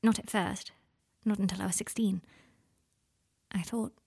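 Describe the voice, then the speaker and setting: A hesitant young woman murmurs in a low, halting way, voiced by a woman reading an audiobook. Her voice is gravelly and breathy, pitched in an ordinary middle range. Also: fairly even intonation. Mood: hushed. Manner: soft, halting, near-whispered.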